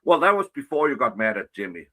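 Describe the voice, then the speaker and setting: A man's voice: medium pitch, very animated, fast talker, pushed and bright. A man on a played clip, ranting angrily and profanely, confronting his critics. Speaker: online commentator. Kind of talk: angry rant.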